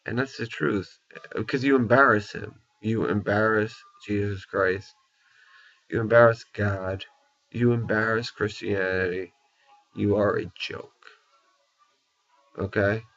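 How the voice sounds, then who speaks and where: A man's voice: fairly low pitch, fairly even intonation, slow, pauses often, fairly bright tone. A man in an angry, profane rant, blunt and repetitive, tagging his points with "okay?" and "you know". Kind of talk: angry opinion rant to camera. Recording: dull lo-fi recording.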